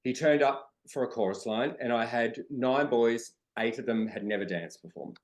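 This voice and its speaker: A man's voice: medium pitch, normal speed, rough recording. A middle-aged man from Australia, a drag performer and dance teacher, telling stories as a podcast guest and acting out his students' lines. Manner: storytelling, acts out quotes from students. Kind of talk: candid interview conversation.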